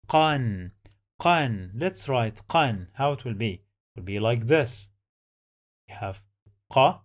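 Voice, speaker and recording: A man's voice: mid-range voice, a little mellow. A man teaching an Arabic reading lesson, repeating each word and syllable patiently while he explains every rule. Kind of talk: slow, patient language lesson.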